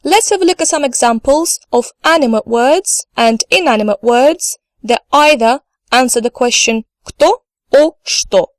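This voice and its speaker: A woman's voice: sits high, measured pace, no echo. A woman teaching a recorded language lesson, speaking carefully, saying each word twice for learners and encouraging them to repeat. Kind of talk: scripted online lesson.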